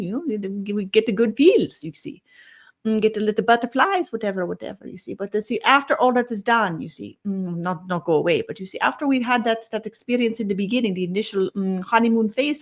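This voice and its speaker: A woman giving a channeled spiritual talk, slow and meandering, humming "mm" between phrases and tagging almost every thought with "you see", her phrase endings trailing off quietly. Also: a little high.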